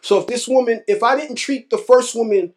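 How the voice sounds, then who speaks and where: A man from New York, a real estate investor, telling his story in an animated interview, repeating phrases and acting out other people's words. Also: very high-pitched, a little fast. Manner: animated, repeats phrases, acts out quoted voices.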